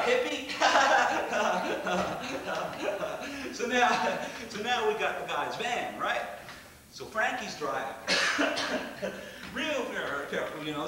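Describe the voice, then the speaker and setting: A man's voice: high-pitched, sharp tone, a little hiss or hum, exaggerated voice. A male actor on stage playing a rowdy young stoner in a monologue, rambling and crude, laughing and saying "man" a lot. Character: rowdy young male stoner bragging about a wild ride. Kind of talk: theatrical monologue. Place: theatre stage. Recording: echoey stage from far off.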